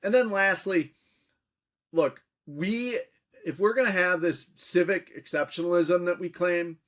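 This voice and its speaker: A man's voice: high-pitched, a little slow, fairly bright tone. A man from Minnesota, a political commentator, telling anecdotes as a podcast guest and acting out quoted exchanges. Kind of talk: storytelling interview talk.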